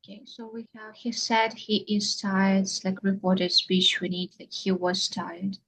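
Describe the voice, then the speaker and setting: A woman's voice: mid-range voice, little pitch movement, a little slow, fairly bright tone, rough recording. A woman, a trainee answering in an online class, sounding unsure.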